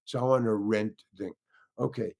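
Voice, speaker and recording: A man's voice: on the low side, fairly even intonation, normal speed, creaky, a little mellow. An older man, an actor, telling rambling stories in a casual interview and acting out the other people's lines. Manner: rambling, many restarts. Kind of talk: casual storytelling.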